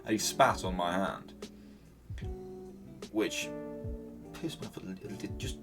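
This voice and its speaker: A man's voice: low voice, a little slow, long pauses, over loud music. A man, hosting a podcast and telling a rambling, sweary story on his own, with many restarts. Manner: rambling, sweary, self-interrupting. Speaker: podcast host. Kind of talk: casual storytelling monologue. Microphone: solo recording at home to camera.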